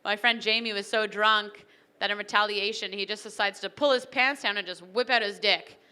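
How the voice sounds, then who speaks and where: A young woman doing an animated, chatty stand-up comedy set at a wedding reception, acting out little characters. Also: mid-range voice, normal speed, clean tone.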